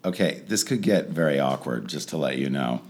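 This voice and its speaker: A man's voice: rumbling low, expressive, moderate pace. A man joking around in a casual chat with friends, wry and teasing.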